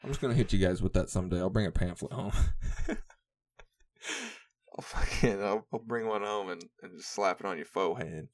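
A man's voice: deep voice, fairly quick. Rambling, profane young man on a podcast. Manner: rambling, profane, laughs often. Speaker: podcast host. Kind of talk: casual solo podcast chat.

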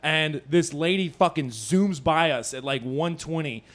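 Man, podcast host, casual chat, laughing storyteller, slightly high voice. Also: a little slow, fairly bright tone. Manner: laughs often, acts out voices in stories.

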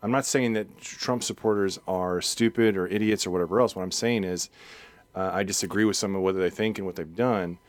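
A man with a very low voice chats on a podcast, circling his point through false starts and fillers. He talks loosely and casually with a co-host. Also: fairly even intonation, no room sound. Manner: halting, many restarts and fillers.

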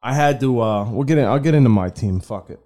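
This sports podcast co-host talks loosely and casually, laughing and cursing often. His medium-pitched voice is warm, animated, and fast.

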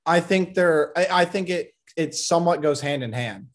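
A man's voice: on the high side, normal speed. A man co-hosting a casual sports talk show, giving opinionated takes on college football recruiting and teasing his co-host.

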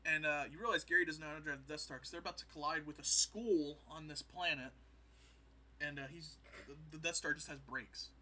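A man in casual podcast chat, retelling comedy scenes and slipping into quick voices, often laughing. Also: a little high, fairly even intonation, sharp tone, a little hiss or hum.

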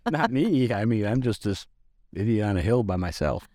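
Man, 60s, podcast guest; low, dry, rambling self-deprecating storyteller. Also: fairly quick, mellow, no echo. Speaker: podcast guest, business founder. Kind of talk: casual storytelling interview.

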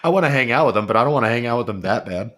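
A man's voice: mid-range voice, rapid-fire. A man co-hosting a podcast in casual chat, rambling and swearing freely as he tells stories. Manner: profane, rambling, animated storytelling. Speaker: podcast co-host.

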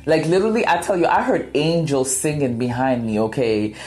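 A woman hosting a podcast, telling a story in a casual, animated way and acting out quotes dramatically. Her first language is Cree. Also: rumbling low, fairly quick. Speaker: podcast host.

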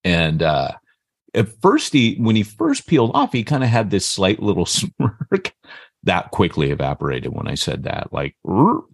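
A man's voice: low-pitched, moderate pace, creaky, slightly rough, dry recording, studio quality. A man in his fifties, a podcast co-host, casually telling a story and acting out the people in it. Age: 50s. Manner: animated, acts out the voices in his story.

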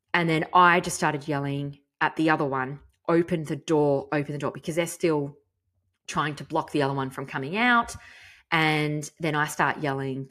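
Brief: mother, frank storyteller, low, deep voice, mild swearing. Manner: chatty, frank, animated, swears mildly. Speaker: podcast host. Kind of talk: casual storytelling monologue.

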